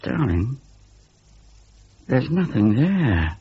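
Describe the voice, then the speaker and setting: A man voicing a gentle mother who soothes and reassures her frightened child in a storybook reading. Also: high-pitched, huge pitch swings, normal speed, lo-fi sound, slight background noise, voice pushed up. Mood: soothing.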